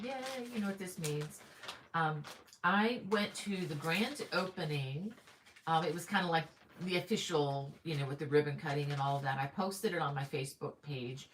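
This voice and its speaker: Woman, middle-aged, low voice, upbeat, chatty, lots of ums and restarts, casual live-stream host. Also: fairly bright tone, a little hiss or hum. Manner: chatty and upbeat, greeting viewers by name; frequent ums and self-corrections. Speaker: crochet livestream host.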